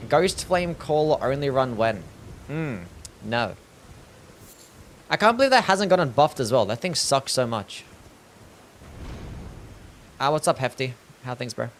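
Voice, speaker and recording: A young man talks over a livestream at an ordinary middle pitch, relaxed and profane, answering his chat between fights. A faint hum of background noise sits under his voice. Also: unhurried, long pauses. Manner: chatty, swearing, reads chat aloud, laughs easily. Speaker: game streamer. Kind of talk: casual livestream commentary.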